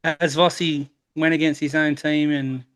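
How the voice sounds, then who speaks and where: Chuckling podcast host. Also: male voice, fairly high pitch. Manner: relaxed, chuckling, halting with ums. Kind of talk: casual chat.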